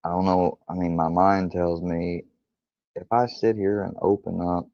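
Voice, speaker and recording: A deep, gravelly male voice rambles through personal stories on a casual livestream, cursing freely and quoting whole conversations. The audio is dull and lo-fi, with a dry, close sound. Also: level tone, a little slow, dark tone, dry recording. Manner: rambling, profane, retells dialogue with quoted voices. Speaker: streamer.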